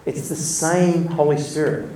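A man's voice: a little high, steady tone, unhurried, warm tone, a little hiss or hum. A man giving an informal sermon, chatty and storytelling, laughing between points. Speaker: church speaker. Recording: echoey room, mic from a distance, faint ambience.

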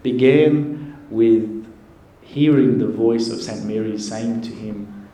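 A man, a priest, giving an earnest, gentle sermon with pauses. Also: lowish voice, fairly even intonation. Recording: echoey church with faint noise.

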